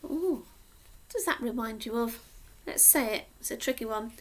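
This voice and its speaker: A woman teacher from Cornwall slowly sounding out words in a sing-song phonics lesson for young children. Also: fairly high pitch, lively intonation. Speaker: primary school teacher.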